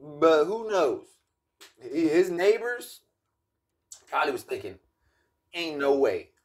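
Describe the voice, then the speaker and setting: A man's voice: mid-range voice, darkish tone. A young adult man telling a rambling, profane story in a casual rant.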